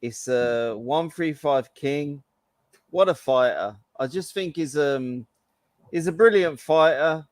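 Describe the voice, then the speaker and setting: A man's voice: fairly high pitch, slow pace, no echo. A man calling in to a live boxing talk stream over a video call with his camera off, casual and stammering on his words. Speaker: guest caller.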